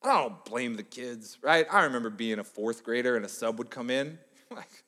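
Animated preacher man in a reverberant hall. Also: medium pitch, normal speed, slight background noise. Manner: animated storytelling, acting out quoted voices. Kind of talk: sermon.

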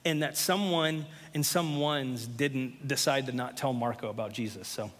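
A man's voice: medium pitch, moderate pace. A man preaching a sermon to a live congregation in an impassioned, emphatic way. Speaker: pastor. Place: church hall, live. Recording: long reverb of a church hall.

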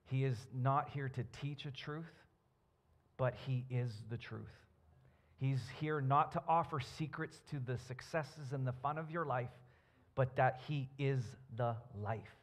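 A man's voice: mid-range voice, moderate pace. A man preaching a sermon as a pastor, earnest and building his points with emphasis.

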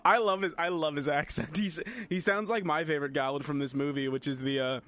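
A man's voice: on the high side, fairly even intonation, a little fast, a bit bright. A man co-hosting a podcast in casual chat, joking and laughing often. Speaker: podcast co-host.

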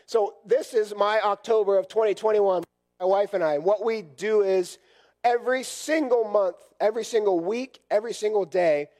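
A hoarse man leading a church training session, talking to a group in a conversational, repetitive way and checking in often with "right?". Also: high voice, mellow. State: hoarse from a cough. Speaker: session leader at church workshop.

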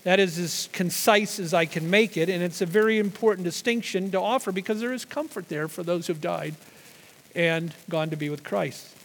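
A man preaches in a high voice, teaching through scripture and leaning hard on the words he wants to stress. His sermon rings with the long reverb of a church hall. He often restarts a phrase before pressing on. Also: normal speed, fairly bright tone, slight background noise. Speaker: pastor.

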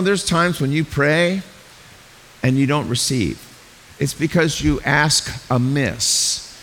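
A man preaching a sermon as a pastor, animated and acting out the voices he quotes. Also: medium pitch. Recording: long hall reverb with faint hiss.

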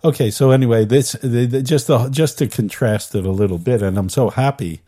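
An older man hosting a podcast on holistic education, speaking in a thoughtful, measured way with slight hesitations and telling stories. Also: mid-range voice, mellow, slightly rough. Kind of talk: reflective podcast conversation and storytelling.

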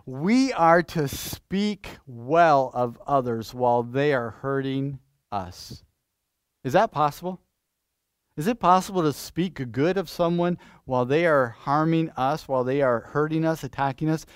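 Man, pastor, animated sermon in church, fairly high voice, dry sound. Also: unhurried, smooth, dry recording. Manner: animated preaching with many repeated restarts and questions to the congregation.

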